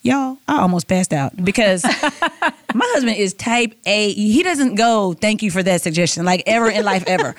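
A middle-aged woman guest on a faith podcast, telling lively stories and acting out conversations with frequent laughs. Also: medium pitch, no room sound. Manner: animated storytelling, acts out dialogue, laughs often. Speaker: guest, author and speaker.

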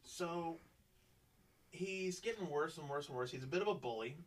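A man's voice: a little high, moderate pace, distant mic, poor audio. A man telling a long work story in a casual podcast chat, swearing freely and acting out what people said. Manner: profane, animated, acts out quoted dialogue.

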